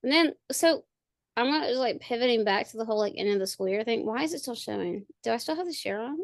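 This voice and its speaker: A woman's voice: a little high, lively intonation, quick pace, creaky, dry recording. A woman chatting casually on a video call, rambling with lots of fillers and restarts. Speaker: podcast co-host and parent. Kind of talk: casual chat.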